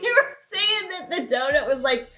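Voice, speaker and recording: A woman's voice: extremely high pitch, sing-song, moderate pace, bright, forceful tone. A middle-aged woman co-hosting a casual chat, often laughing and chiming in with exclamations. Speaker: co-host.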